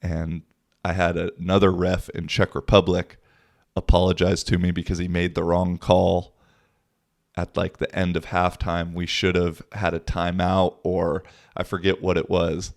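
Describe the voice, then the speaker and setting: A man's voice: low voice, monotone, measured pace, gravelly, no echo, studio quality. A man, hosting a casual podcast and telling a rambling story with swearing and laughs. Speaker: podcast host. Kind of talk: casual solo podcast talk.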